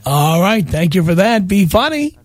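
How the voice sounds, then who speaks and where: A man hosting a call-in radio show, brisk and quick to cut callers off. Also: high-pitched, big pitch swings, slight background noise. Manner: brisk, dismissive, cuts callers off. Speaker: host.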